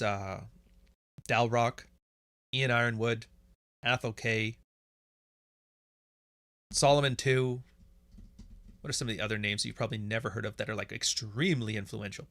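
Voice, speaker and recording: A man's voice: lowish voice, pushed and bright, no room sound. A man with a Canadian accent hosting a podcast, chatting casually and reading out questions from chat in a blunt, profane, sarcastic way, laughing often.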